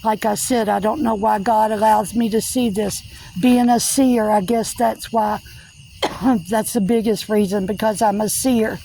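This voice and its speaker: A woman's voice: medium pitch, fairly even intonation, unhurried, dark tone, rough recording. Earnest woman telling a faith testimony. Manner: earnest, repetitive retelling with many "I said" tags. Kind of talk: personal spiritual testimony storytelling.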